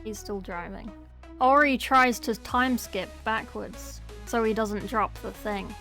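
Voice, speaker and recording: A woman's voice: fairly high pitch, slow, sharp tone, faint music behind. A woman casually reading a novel aloud, with playful, chatty asides. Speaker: book reader.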